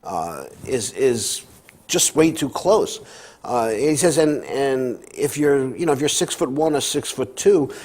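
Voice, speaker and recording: A man co-hosting a sports talk show, telling stories in a casual, chatty way. His pitch swings up and down as he goes. He reads quotes aloud and fills his pauses with "uh". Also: expressive, darkish tone.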